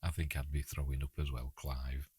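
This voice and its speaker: A man with a Yorkshire accent talks through a film in a casual, chatty commentary, laughing easily and stumbling over his words. His voice sits very low, and the sound is dry with no room around it. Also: flat delivery, normal speed, dark tone, breathy edge, dry recording.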